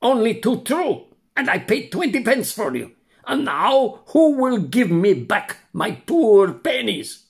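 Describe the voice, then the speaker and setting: Storybook casting: a greedy, blustering village buyer, played by an older man, raised and gravelly, quick to anger. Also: high-pitched, very animated, pitched above the performer's own voice, full character voice. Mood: aggrieved. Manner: blustering, indignant. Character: grasping middle-aged village buyer, easily angered. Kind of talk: storybook reading.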